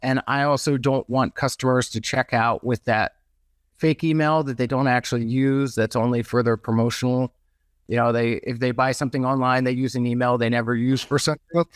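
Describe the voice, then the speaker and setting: A man's voice: medium pitch, steady tone, fairly quick, clear, resonant tone, no room sound, studio quality. A man speaking as a podcast guest in casual conversation, talking loosely with frequent restarts. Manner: conversational, many restarts and hedges. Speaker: podcast guest, merch business owner.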